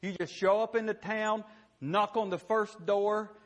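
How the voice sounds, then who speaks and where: A man's voice: high voice, steady tone, a little slow, pitched above the performer's own voice. A man voicing an exasperated male teacher, pleading and insistent with his followers during a sermon. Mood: instructing.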